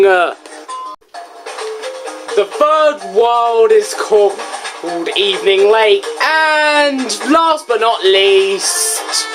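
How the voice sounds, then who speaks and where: A game reviewer giving casual, goofy, rambling commentary with self-mocking asides. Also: mid-range voice. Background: game music.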